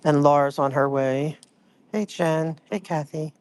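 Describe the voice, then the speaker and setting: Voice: medium pitch, fairly even intonation, unhurried, dry recording. A livestream host chatting casually, rambling and greeting viewers by name mid-sentence.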